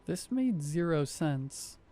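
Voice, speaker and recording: Wry, mellow-voiced man narrating horror. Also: fairly high pitch, big pitch swings, slow pace. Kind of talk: first-person scripted narration.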